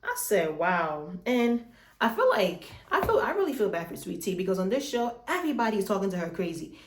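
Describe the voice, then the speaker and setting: In an echoey room, a woman with a medium-pitched voice recaps a reality show at a fairly quick clip. The host is animated and casual, swearing freely and acting out scenes with dialogue.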